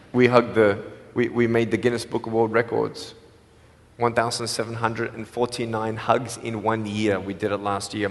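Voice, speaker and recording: A man with an Australian accent giving a live motivational speech, telling his story emphatically and swinging between loud and hushed. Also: medium pitch. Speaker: motivational speaker. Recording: long hall reverb.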